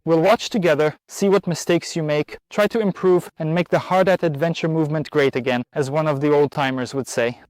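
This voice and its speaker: A man's voice: a little high, steady tone, brisk, few pauses, darkish tone, no echo. Breathless man teaching outdoors, dry sound. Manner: tired, chatty, encouraging. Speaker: riding instructor and host. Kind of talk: casual outdoor lesson vlog. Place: outdoors at a riding spot in the heat.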